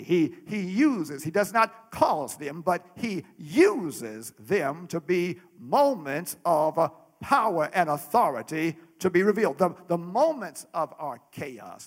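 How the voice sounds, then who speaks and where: A male preacher delivers a sermon in a high, bright voice. His pitch rises and falls widely as he goes, and he speaks slowly, repeating phrases before breaking into shouts. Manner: preaching cadence, swelling to shouts, many repeated words.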